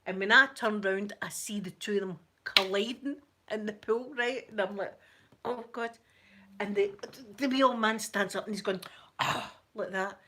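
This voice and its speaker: A woman with a Scottish accent telling a story in a casual, chatty way, animated one moment and softly spoken the next. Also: medium pitch, normal speed, a little hiss or hum. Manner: chatty, animated, with frequent laughter and soft asides. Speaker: ASMR channel host.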